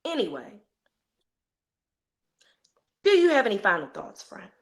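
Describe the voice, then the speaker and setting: A woman's voice: medium pitch, wildly swooping pitch, fast talker, a bit bright. A woman co-hosting a sports podcast, talking in a blunt, profane, scolding way. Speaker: podcast co-host. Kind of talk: casual sports chat.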